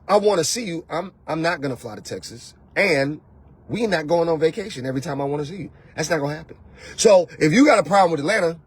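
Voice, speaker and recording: A man hosting his own show, ranting loudly and mockingly about dating, often slipping into soft mimicking voices. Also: fairly high pitch, husky. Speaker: host. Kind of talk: animated rant to camera. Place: lives in Atlanta.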